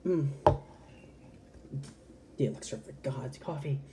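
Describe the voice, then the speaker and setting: A woman's voice: very deep voice, unhurried, gravelly, very noisy. A trans woman talking frankly to camera in a casual, heartfelt vlog, swearing freely and restarting her sentences. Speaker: vlogger.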